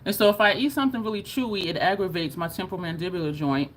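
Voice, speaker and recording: A woman's voice: fairly low pitch, fast, slight background noise. A woman vlogging to camera in a casual, chatty way, laughing often and showing her jaw as she talks. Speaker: beauty vlogger.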